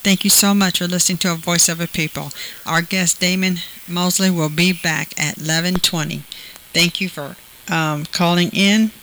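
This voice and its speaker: A woman's voice: on the low side, fairly even intonation, normal speed, a bit bright, slight background noise, low-quality recording. A woman hosting a radio talk show, signing off graciously to her listeners.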